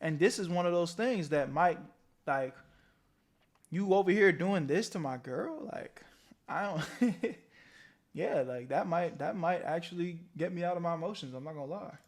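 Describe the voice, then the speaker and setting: A man reacts to a video in a relaxed, slangy way, with a slightly high voice. He talks casually straight to his viewers. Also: normal speed. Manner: laid-back, slangy. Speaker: reaction host.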